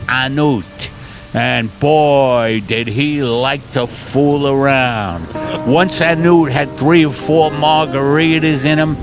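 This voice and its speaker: An older man, a comedian hosting a podcast from a car, telling rambling absurd stories and jumping into shrill character voices. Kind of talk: rambling absurd comic storytelling.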